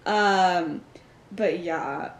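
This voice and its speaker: A woman's voice: lowish voice, extremely slow. A young woman hosting a podcast, retelling a story in casual chat and animatedly acting out the characters' lines. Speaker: podcast host. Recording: echoey room.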